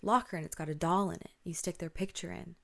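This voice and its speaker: An eager, gossipy schoolgirl, as a woman puts her on while retelling a spooky story. She talks fast and chattily, her voice a touch higher than the storyteller's own, with a slightly low, mellow base. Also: fairly even intonation, creaky. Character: gossipy schoolgirl sharing a rumor.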